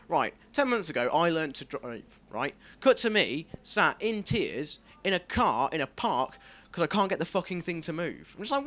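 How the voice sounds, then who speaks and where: On a club stage, a man performs a self-deprecating stand-up set, swearing freely and slipping into squeaky voices for his bits. His delivery is sing-song, fast and a bit bright.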